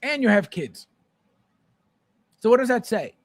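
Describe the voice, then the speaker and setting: Fired-up guy ranting on his live stream, highish voice, dry close sound. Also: very animated, measured pace, dry recording. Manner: exasperated, ranting, repeats himself. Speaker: podcast host. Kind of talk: live-stream chat with viewers.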